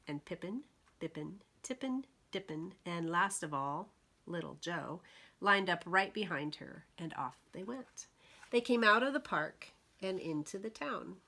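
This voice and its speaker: A woman librarian reading a picture book aloud to preschoolers, slow and expressive, pausing to ask the children questions. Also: fairly low pitch, vocal fry.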